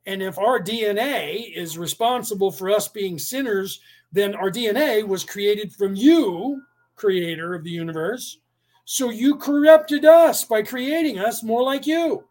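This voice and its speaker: A man's voice: high voice, a little slow, darkish tone. A man delivering a rambling, profane monologue, full of rhetorical questions and sudden bursts of speed.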